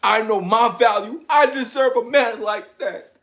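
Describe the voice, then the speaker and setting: A man putting on the voice of an entitled young woman who boasts loudly and mockingly about her worth. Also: measured pace, heavily acted. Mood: boastful. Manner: loud, high and mocking.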